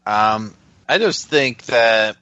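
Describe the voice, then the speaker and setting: Podcast host, lower voice, bright and dry, lo-fi audio. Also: male voice, animated, slow, clear, resonant tone, no echo. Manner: runs the segment, hands the turn to others. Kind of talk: casual podcast chat.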